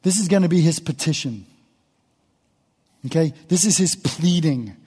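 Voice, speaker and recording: A male pastor with a high, husky voice preaches with passion and pours feeling into the psalmist's cries. His tone is mellow, and a long reverb trails each phrase through the church sanctuary. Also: animated, moderate pace. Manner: impassioned, dramatically voicing the psalmist's laments. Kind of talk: sermon.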